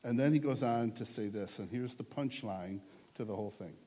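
A man's voice: on the low side, moderate pace, dark tone. A male pastor preaching a sermon in an earnest, conversational way, repeating points for emphasis. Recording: long hall reverb.

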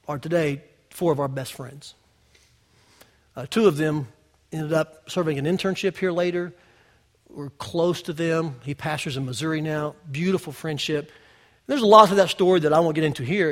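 Male pastor, conversational sermon style, slightly high-pitched, shifts between loud and hushed. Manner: conversational preaching with big swings from loud to hushed; personal storytelling, addressing the congregation directly.

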